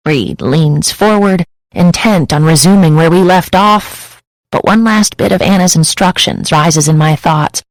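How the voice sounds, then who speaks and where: Woman, audiobook narrator, first-person romance, intimate, emotive, gravelly, dry studio. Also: deep voice, unhurried, dry recording, low-quality recording.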